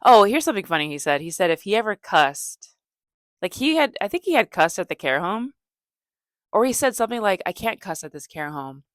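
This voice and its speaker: A woman comedian hosting a podcast, telling stories in a deadpan, low-energy way, rambling with fillers and self-corrections. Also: fairly quick, no echo, studio quality. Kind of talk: casual storytelling monologue.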